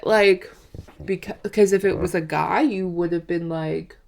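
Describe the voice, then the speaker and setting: Chatty young woman, slightly low voice. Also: unhurried, vocal fry. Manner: rambling, chatty, full of "like" and "you know"; animated, acts out quoted lines. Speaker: vlogger. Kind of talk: casual chat, storytelling.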